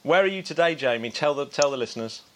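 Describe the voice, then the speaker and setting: A man co-hosting a podcast in casual chat, playful and quick to laugh. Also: fairly high pitch, expressive, slight background noise. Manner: playful, laughs often, restarts. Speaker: podcast co-host.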